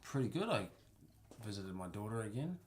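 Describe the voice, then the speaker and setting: A man's voice: lowish voice, sing-song, brisk, a little hiss or hum. A middle-aged man, co-hosting a podcast in a laid-back, hesitant casual chat. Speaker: podcast co-host.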